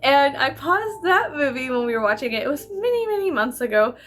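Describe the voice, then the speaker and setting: A woman in her thirties chatting casually while doing her makeup, animated and laughing, swearing freely as she tells stories. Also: high voice, a little fast. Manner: animated, swearing, giggly storyteller. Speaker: vlogger. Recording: music playing behind.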